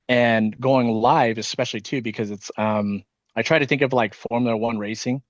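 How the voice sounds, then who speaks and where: Jittery team-leader guy on a video call, rapid casual talk with lots of swearing, mid-pitched voice, dry and a bit dull audio. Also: steady tone, no room sound. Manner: fast, casual, swears often. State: nervous and wired on caffeine. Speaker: insurance sales team leader. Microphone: video call microphone.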